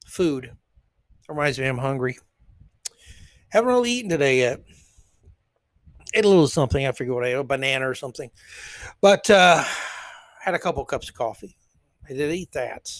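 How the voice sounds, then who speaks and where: A man's voice: mid-range voice, expressive, normal speed, pauses often, dry recording. Sarcastic man hosting a podcast. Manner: sarcastic, rambling, blunt. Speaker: podcast host. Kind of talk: solo political commentary podcast.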